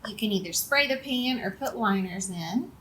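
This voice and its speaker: A woman running a kids' cooking lesson and reading a children's story aloud with an expressive storyteller's delivery. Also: medium pitch, normal speed, slight background noise. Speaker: cooking and reading teacher for kids.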